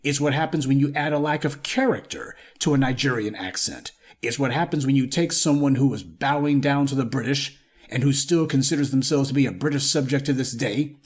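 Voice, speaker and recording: A man's voice: medium pitch, darkish tone. A man with a Southern American accent delivering a scornful, emphatic opinion monologue as a live-stream commentator. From Southern United States.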